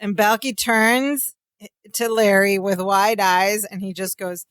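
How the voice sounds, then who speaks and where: Woman, podcast co-host, casual recap chat, mid pitch, dry sound. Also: steady tone, slow pace, a bit bright, no room sound. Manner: chatty, narrates scenes with filler "like".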